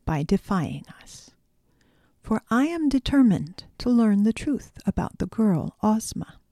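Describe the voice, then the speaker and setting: A woman voicing a gentle but stern sorceress in a storybook, speaking firmly. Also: no room sound, clean studio sound. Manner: gentle, firm, raised pitch.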